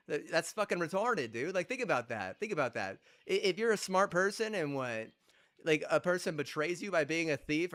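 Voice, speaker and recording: Male game streamer, heated profane rant, keeps asking "and what?", slightly high voice. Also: fairly bright tone. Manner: profane, heated rant with repeated rhetorical questions. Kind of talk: ranting chat while gaming.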